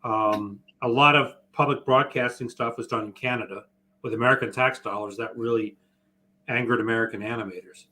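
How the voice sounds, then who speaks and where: A man chatting as a guest on a livestream over a video call, halting and eating while he talks. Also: medium pitch, steady tone, sharp tone. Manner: halting, eats while talking. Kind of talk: casual livestream chat.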